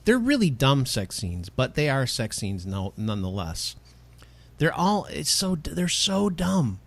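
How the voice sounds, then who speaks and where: A man hosting a podcast in loose, casual chat. His voice swings up and down a lot as he rambles, and he laughs easily. His pitch sits in the middle for a man. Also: creaky. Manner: animated, rambling, quick to laugh. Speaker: podcast host.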